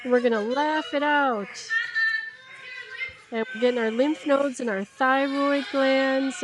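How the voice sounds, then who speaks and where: A woman with a high voice leads a guided laughter yoga class, playful and encouraging, frequently breaking into giggles. Background noise can be heard.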